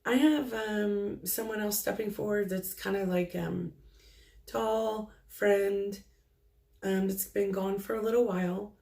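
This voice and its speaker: A woman psychic medium relaying spirit messages off the cuff, halting and full of ums. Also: medium pitch, fairly even intonation, creaky, dark tone.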